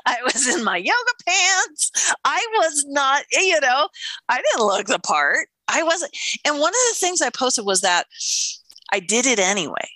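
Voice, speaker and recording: A middle-aged woman tells a story in a casual chat, and her pitch swings widely as she goes. Her voice is bright, and she keeps slipping into other people's voices between bursts of laughter. The sound is close and dry. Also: big pitch swings, a little slow, no room sound. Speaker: author.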